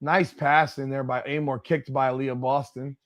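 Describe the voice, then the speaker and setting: A man's voice: mid-range voice, little pitch movement, normal speed. A man hosting a live watch-party stream, calling the plays in a blunt, profane way with exasperated outbursts. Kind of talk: live play-by-play watch-along commentary.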